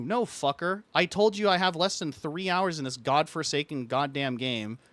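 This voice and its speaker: A man's voice: fairly high pitch, lively intonation, moderate pace, few pauses, a bit bright, dry recording. A young man streaming, ranting casually to his chat in a rambling way, filling his talk with "like". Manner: rambling, heavy use of "like", acts out quoted lines.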